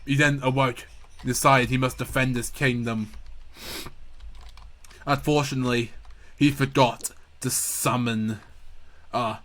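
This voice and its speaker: A man's voice: mid-range voice, fairly even intonation, slow pace, pauses often, fairly bright tone. A man narrating a battle game as a comic story, playful and stumbling with asides.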